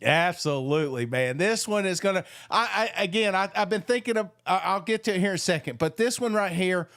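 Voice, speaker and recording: A man co-hosting a podcast in casual sports chat, talking with animated, boastful banter and some swearing. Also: high voice, brisk, no echo, studio quality. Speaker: podcast co-host.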